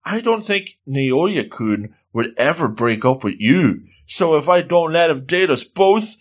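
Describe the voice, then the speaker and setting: A man's voice: a little high, very animated, a little slow. Man putting on a raised sweet anime girl voice, devoted, imploring.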